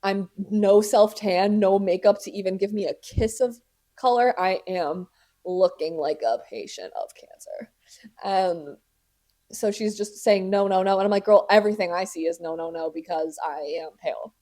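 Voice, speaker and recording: Animated woman telling a dramatic story. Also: mid-range voice, normal speed. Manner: dramatic, sarcastic storytelling, acting out voices, bursts of laughter. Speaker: podcast host. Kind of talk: casual storytime chat.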